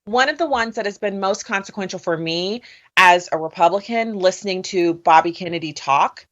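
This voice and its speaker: Female talk host, mid-pitched, friendly sign-off tone, dull recording. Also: moderate pace, a bit bright. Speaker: radio host. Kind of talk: political interview on radio.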